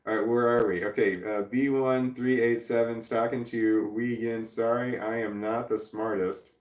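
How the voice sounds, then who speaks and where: A man in his forties chats casually on a livestream, rambling, swearing freely and chuckling as he reads viewers' messages. His mid-range voice is steady at a moderate pace, and the distant mic gives a roomy sound.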